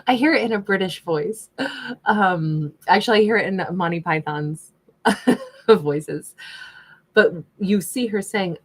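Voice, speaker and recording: A woman's voice: mid-range voice, measured pace. A woman giving a casual tarot reading at home, chatty and rambling, with asides. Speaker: tarot reader. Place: home office at her desk.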